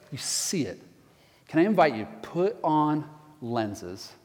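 A middle-aged man preaching a sermon as pastor, telling stories in a conversational way and easing into soft prayer. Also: mid-range voice. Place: church sanctuary. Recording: long reverb of a church hall.

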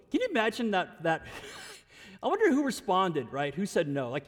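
Animated male preacher; high, lively voice in an echoey hall. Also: normal speed. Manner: animated, acts out the scripture characters, chuckles often. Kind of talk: sermon.

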